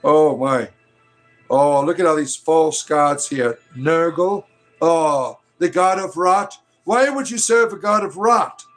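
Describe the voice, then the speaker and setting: A man delivering a parody sermon in a fervent, booming preacher cadence with swooping emphasis, breaking into chuckling asides. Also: slow, fairly bright tone, faint music behind. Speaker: preacher character host.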